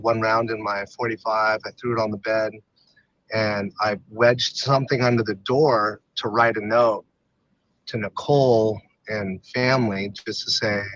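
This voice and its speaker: Open, halting man telling his story. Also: lowish voice, fairly bright tone, no echo, highs cut off. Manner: halting, open, many fillers and restarts. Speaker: podcast guest, retired MMA fighter. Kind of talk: candid personal storytelling.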